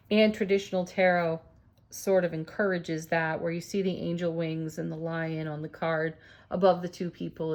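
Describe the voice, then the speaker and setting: Woman tarot reader, calm and soothing, breaks into delighted laughs. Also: medium pitch. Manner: gentle, soothing, laughs often; awed and excited at the cards. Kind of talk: tarot reading vlog.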